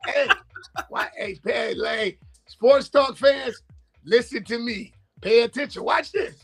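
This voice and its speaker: A man's voice: extremely high pitch, takes it slowly, creaky. A man co-hosting a casual sports talk show, playfully boasting and trash talking to the audience.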